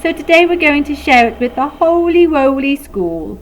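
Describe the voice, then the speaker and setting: Baby-talky whiny storybook boy, lady reading him, sing-song and high. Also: expressive, moderate pace, a little hiss or hum. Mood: gushing. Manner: baby talk, rhyming silly words. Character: soppy baby-talking boy, whiny and doting.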